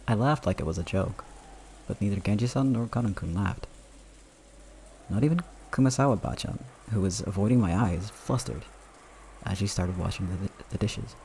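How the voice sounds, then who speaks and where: A man's voice: on the low side, normal speed, gravelly, mellow, slight background noise. A man streaming a visual novel playthrough, reading the narration steadily with self-aware asides.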